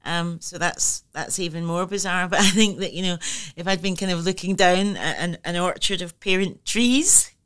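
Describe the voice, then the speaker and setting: A middle-aged woman talks through her thoughts in a relaxed interview, candid and quick to laugh, often circling back to rephrase. Her voice sits slightly low for a woman yet sounds bright and forward. Every word comes through smooth and crisp. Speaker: interview guest, writer. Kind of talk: reflective conversational interview.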